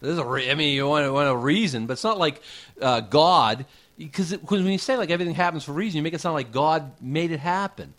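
A man's voice: on the high side, lively intonation, fast talker, fairly bright tone. A man preaching a casual sermon, talking conversationally with rhetorical questions and folksy asides.

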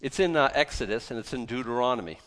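A man's voice: medium pitch, lively intonation, fast, fairly bright tone. A man preaching a sermon, emphatic and sarcastic, firing rhetorical questions at the congregation. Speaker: pastor.

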